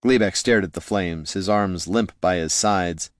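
A man reading a fantasy story aloud as an expressive, measured audiobook narrator. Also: low-pitched, no room sound, studio quality. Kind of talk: scripted narration.

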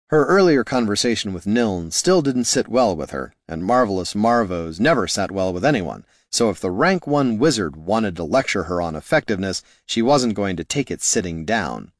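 A man narrating a fantasy novel in a steady, measured way. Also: lowish voice, dry recording, clean studio sound. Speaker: audiobook narrator.

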